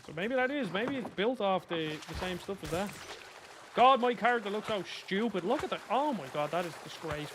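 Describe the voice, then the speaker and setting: A man's voice: sits high, lively intonation, brisk, background noise. An Irish man giving casual, chatty commentary while playing a game, with sarcastic muttered asides. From Ireland. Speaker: gaming streamer. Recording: voice over loud game music.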